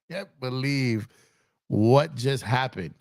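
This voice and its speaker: A man hosting a sports live stream, chatting casually and reacting out loud in excited bursts while greeting viewers by name. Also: mid-range voice, drawn-out words, creaky, no echo, studio quality. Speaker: sports channel host.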